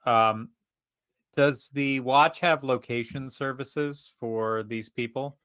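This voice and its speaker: Slow bright-voiced man playing a game. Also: mid-range voice, fairly even intonation, clear, resonant tone, dry recording. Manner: wry, deliberate, thinks aloud. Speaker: player. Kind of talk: casual tabletop play.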